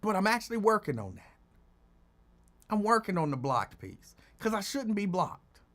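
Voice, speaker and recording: A man's voice: sits high, sing-song, normal speed, fairly bright tone. A man hosting his own show, telling rambling stories in a casual chat and laughing often. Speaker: show host.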